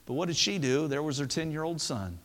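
A man preaching a sermon to a congregation in a church, telling a story earnestly and dropping to a soft voice for emphasis. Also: a little high, expressive, a little fast. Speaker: pastor. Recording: long hall reverb.

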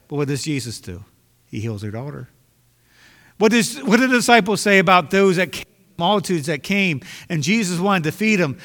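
Emphatic bright-voiced male preacher in a hall. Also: high voice, very animated, normal speed. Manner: emphatic, repeats phrases for stress. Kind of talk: sermon. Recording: long hall reverb.

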